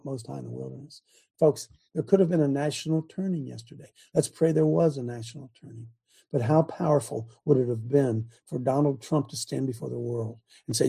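Gravelly older male preacher, fiery. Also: a little high, mellow. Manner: fiery, peppered with rhetorical questions to the crowd. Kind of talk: sermon.

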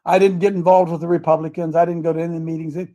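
This preacher's voice sits on the high side, warm and level, and he races through a sermon that blends in political talk. He asks for amens, repeats lines, and speaks straight to the listeners present.

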